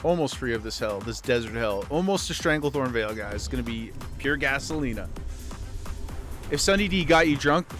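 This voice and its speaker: A man's voice: medium pitch, lively intonation, fairly quick, a bit bright, soft background music. A man livestreaming a game, chatting casually with his viewers in a rambling way and often restarting his sentences. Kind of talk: casual chat with viewers while gaming.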